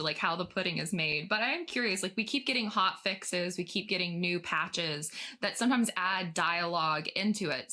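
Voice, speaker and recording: A woman's voice: on the low side, sharp tone. A woman hosting an interview, asking a question in a chatty way full of "like". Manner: chatty, filler "like" phrasing. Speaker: interviewer host.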